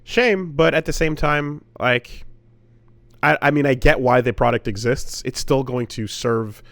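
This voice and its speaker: A man's voice: mid-range voice, a little slow, gravelly, a bit bright, dry recording. A man co-hosting a casual podcast, rambling with lots of fillers, restarts and swearing. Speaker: podcast co-host.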